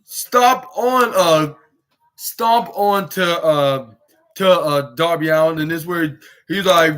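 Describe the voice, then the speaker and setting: A young man hosting a podcast, recapping wrestling in a casual, halting way with many fillers and restarts. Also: on the high side, a bit bright. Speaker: podcast host.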